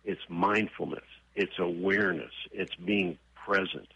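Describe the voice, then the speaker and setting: A man being interviewed, telling stories and acting out quoted voices with husky tone. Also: sits low, measured pace, pushed and bright, highs cut off, a little hiss or hum. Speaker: guest, horse trainer and author. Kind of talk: conversational interview storytelling.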